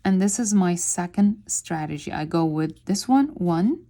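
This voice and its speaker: A woman teaching Arabic reading to beginners, sounding out words syllable by syllable in a slow, deliberate way. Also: lowish voice, animated, dark tone. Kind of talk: spoken lesson while writing on a board.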